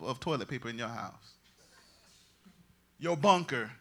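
A man preaching a lively sermon as pastor, swinging from loud proclamations to quiet, joking asides. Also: sits high, fairly quick. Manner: humorous, conversational asides.

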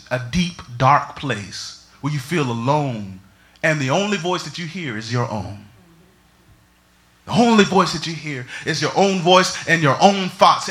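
A man preaching a sermon, swinging between shouts and near whispers. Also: high voice. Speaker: pastor.

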